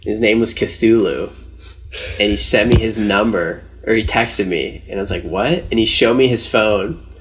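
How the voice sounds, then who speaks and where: Low, gravelly-voiced young man rambling. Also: moderate pace, background noise. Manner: rambling, slangy, says "dude" and "like" often. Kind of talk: casual storytelling chat.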